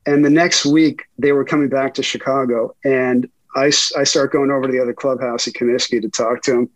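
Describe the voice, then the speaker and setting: A man's voice: mid-range voice, flat delivery, brisk, no echo, rough recording. A middle-aged man and guest reporter telling profane anecdotes in a casual interview, laughing often.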